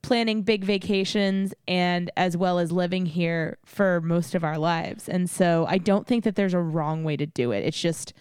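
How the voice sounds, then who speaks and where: A woman's voice: fairly low pitch, moderate pace, few pauses, a little mellow, smooth, dry recording, studio quality. A woman from Texas co-hosting a podcast in a chatty, giggly casual conversation. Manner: giggly, chatty, lots of fillers. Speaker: podcast co-host. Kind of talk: casual chat.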